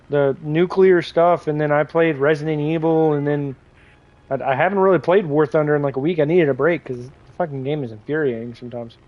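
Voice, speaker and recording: Higher-voiced man streaming games casually. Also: dull audio. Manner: rambling, joking, talks to chat while playing. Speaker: gaming livestreamer. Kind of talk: casual live gameplay chat.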